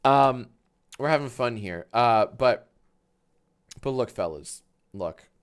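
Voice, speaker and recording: A man hosting a live stream, chatting casually and loudly, swearing, laughing and getting excited in bursts. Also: takes it slowly, clean tone. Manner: excitable, loud, swears, laughs often, big swings in pitch and volume. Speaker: livestream host. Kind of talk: casual livestream chat.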